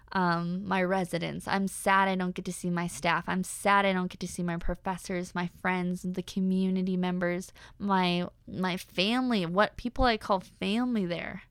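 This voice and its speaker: A young woman hosts her own personal podcast, talking animatedly and frankly with plenty of fillers. Her medium-pitched voice is creaky yet fairly bright, recorded in studio quality with no room sound.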